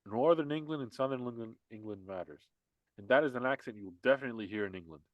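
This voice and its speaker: A man's voice: medium pitch, fast, dry recording, muffled recording. A man co-hosting a casual podcast, talking in a heated, emphatic way, repeating himself with many restarts. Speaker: podcast co-host. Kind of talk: casual political podcast chat.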